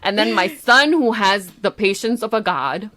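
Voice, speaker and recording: A woman co-hosts a casual podcast, telling lively stories. She swears freely and acts out quoted lines in her own voice. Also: medium pitch, moderate pace. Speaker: podcast co-host. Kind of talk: casual chat.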